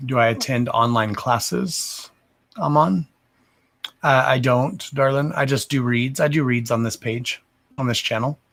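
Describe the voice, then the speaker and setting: A man's voice: mid-range voice, measured pace, creaky, a bit bright. A man, mumbling as he chats casually and profanely on a livestream as a card reader. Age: 30s. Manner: profane, rambling and self-deprecating.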